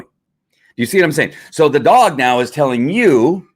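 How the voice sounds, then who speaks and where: A man's voice: mid-range voice, lively intonation, moderate pace. A man hosting a live stream, explaining dog training in a conversational, repetitive teaching manner with fillers. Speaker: livestream host and dog trainer.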